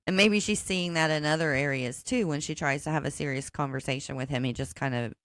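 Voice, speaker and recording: Brief: woman co-host, deep voice, calm and agreeable, dry mic. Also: dry recording. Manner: measured, thoughtful, agreeable. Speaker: podcast co-host. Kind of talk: casual recap chat.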